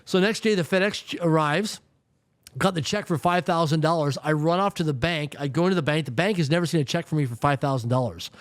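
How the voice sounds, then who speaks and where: Fast-talking animated Canadian man. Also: a little high, no room sound, studio quality. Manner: animated, repeats words when excited. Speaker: guest. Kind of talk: storytelling in an interview.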